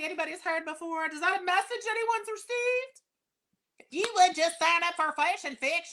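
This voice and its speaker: A pushy country sales upline with a West Kentucky drawl, as a woman puts her on. She talks high and bright, syrupy and insistent, pitching like she's closing a deal. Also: full character voice.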